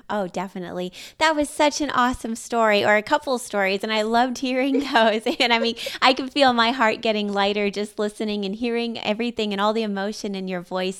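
A woman hosting a casual podcast interview, upbeat and quick to laugh, thanking her guest and moving the talk along. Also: a little high, fairly bright tone, clear, resonant tone. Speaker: podcast host.

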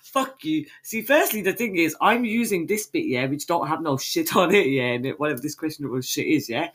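A woman's voice: deep voice, lively intonation, a little fast, slightly rough. A woman co-hosting a podcast, swearing and trading mock insults in casual banter. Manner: sweary, teasing, mock-aggressive. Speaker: podcast co-host.

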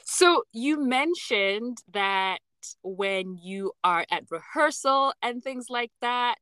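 A woman's voice: fairly high pitch, animated, slow pace, pushed and bright, clean tone, no room sound. A woman hosting a podcast, asking her guest questions in an encouraging, friendly way. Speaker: podcast host. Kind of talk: casual interview chat.

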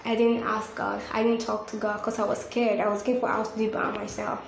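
A woman's voice: medium pitch, flat delivery, fast, gravelly, few pauses. A woman hosting a devotional podcast, speaking earnestly and repeating her points like a preacher. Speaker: podcast host. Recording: echoey room with faint ambient noise.

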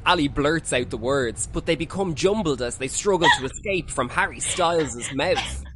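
A man reading a scripted spooky story in a measured storybook delivery. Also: on the high side, expressive, heavy background noise. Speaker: narrator.

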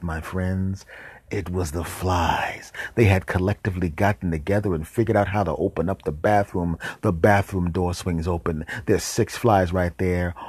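A man hosting a podcast, telling a comic story in a deadpan way and dropping into whispered asides. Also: low-pitched, breathy edge, dry recording. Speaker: podcast host.

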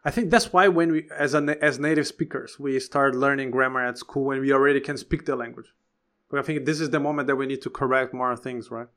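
A man's voice: medium pitch, steady tone, a little fast, a bit bright. Thoughtful man chatting on a podcast. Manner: thoughtful, with frequent restarts. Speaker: podcast co-host. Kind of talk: casual chat.

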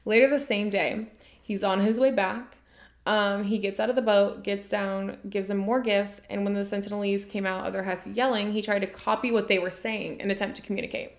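A woman's voice: medium pitch, level tone, a little fast. A woman podcast host from the United States, telling a story in a casual, irreverent way with offhand swearing.

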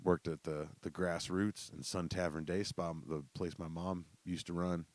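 A young man telling casual, profane stories that ramble along, with laughter and quick bursts. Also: low-pitched, level tone, dry recording. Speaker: storyteller. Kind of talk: casual storytelling.

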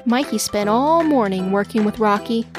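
A woman narrating a children's storybook in a gentle, expressive way. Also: medium pitch, normal speed, over music.

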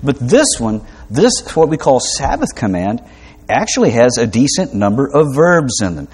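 A man's voice: mid-range voice, sing-song, moderate pace, a little mellow, breathy edge. A man delivering a sermon as a preacher, teaching in a conversational way with asides, light humor and rhetorical questions. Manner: frequent fillers and restarts, rhetorical questions.

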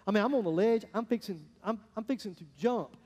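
High-voiced pastor in an echoing hall. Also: male voice, brisk. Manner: folksy storytelling, animated swings between loud and hushed. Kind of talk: sermon. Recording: echoey hall, long reverb.

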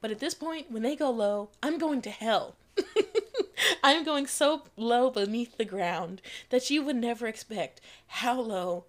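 A young adult woman hosting a podcast, telling a story in a casual, animated and profane way, laughing often mid-sentence. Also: on the high side, measured pace. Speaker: podcast host.

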